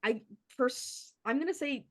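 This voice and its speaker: A woman playing a tabletop role-playing game, speaking haltingly with many restarts. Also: high-pitched, expressive. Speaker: player. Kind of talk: in-character tabletop play.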